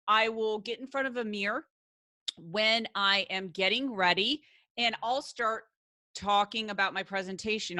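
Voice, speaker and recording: A middle-aged woman speaks straight to her computer camera with a bright, forceful voice. She is energetic and encouraging and drives each point home by repeating it. The sound is dry, with no room echo. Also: mid-range voice. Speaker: coach. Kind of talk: direct-to-camera coaching talk. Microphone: computer recording.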